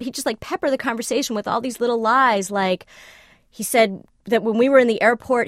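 A woman telling a personal story in conversation, animated and self-questioning, acting out the dialogue she quotes. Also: mid-range voice, no echo, clean studio sound. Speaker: storyteller guest.

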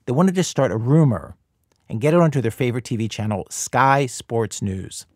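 A man hosting a radio documentary show, delivering scripted narration in a measured, dry, conversational way. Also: medium pitch, lively intonation, no echo.

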